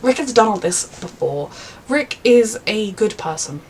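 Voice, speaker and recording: A woman's voice: mid-range voice, animated, a little slow, a little mellow, a little hiss or hum. A young woman reviewing a TV episode in a chatty, rambling way, with many fillers. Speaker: TV reaction reviewer. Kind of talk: casual reaction review.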